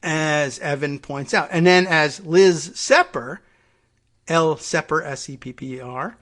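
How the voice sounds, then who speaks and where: A man with a higher-than-usual voice hosts a political podcast. He talks through the news in a sarcastic, mocking monologue, slipping into put-on voices of the people he criticizes. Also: a little slow, a bit bright. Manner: sarcastic, mocks opponents with put-on quotes. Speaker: podcast host.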